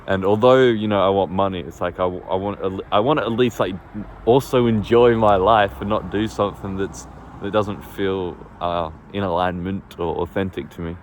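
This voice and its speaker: Rambling young man with a low voice. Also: steady tone, normal speed. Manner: rambling, lots of fillers and swearing, laughs often. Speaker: vlogger. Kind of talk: casual storytelling to camera. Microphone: phone on small tripod. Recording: faint street and traffic noise.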